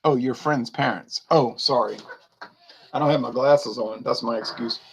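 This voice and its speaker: A man's voice: mid-range voice, normal speed, gravelly, a little hiss or hum. A man reviewing beer in a casual, chatty way, laughing often and reading out viewer comments to his live audience.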